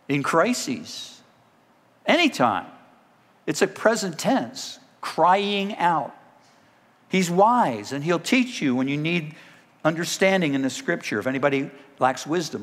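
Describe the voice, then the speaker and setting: Slow-speaking preacher in an echoing hall. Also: male voice, a little high. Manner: dramatic shouted cries when acting out scripture. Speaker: pastor. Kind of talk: sermon. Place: church sanctuary. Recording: long reverb of a church hall.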